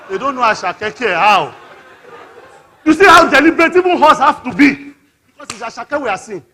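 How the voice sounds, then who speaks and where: A man with a Nigerian accent preaching a lively conference sermon, teasing the crowd and having them repeat words back. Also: very high voice, a little fast, a little hiss or hum. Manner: playful, teasing, mixes in pidgin and local words. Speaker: conference speaker.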